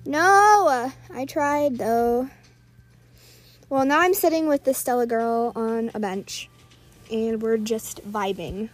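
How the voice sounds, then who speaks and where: A woman's voice: on the high side, steady tone, slow pace, a little mellow. A woman giving live, rambling commentary while playing an online game, nervously narrating every move aloud.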